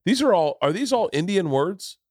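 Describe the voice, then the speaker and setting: A man's voice: high voice, big pitch swings, normal speed, a little mellow, dry recording, studio quality. A man from the United States, a guest comedian in a casual podcast chat, joking around and swearing freely.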